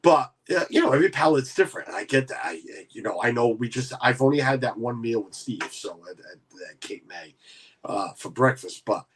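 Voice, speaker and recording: A man's voice: medium pitch, expressive, moderate pace, slightly rough. A man hosting a casual livestream chat, rambling with many restarts. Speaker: livestream host.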